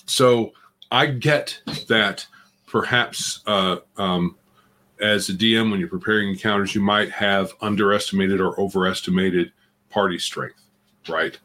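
A man's voice: fairly low pitch, steady tone, a little slow, pushed and bright. An older man co-hosting a livestreamed tabletop gaming talk show, giving frank opinions and teasing his co-host. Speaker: podcast co-host. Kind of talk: casual livestream chat.

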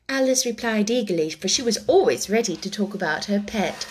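A woman reading a children's book aloud, then chatting casually with animated, laughing asides. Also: mid-range voice, a little fast, few pauses, slightly rough. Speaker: storyteller.

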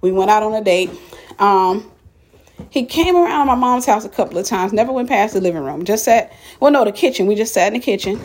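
Husky-voiced woman telling a story. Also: mid-range voice, lively intonation, fairly quick. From Mississippi. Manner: candid, frank, addresses listeners directly; walking up stairs while talking. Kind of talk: casual personal storytelling.

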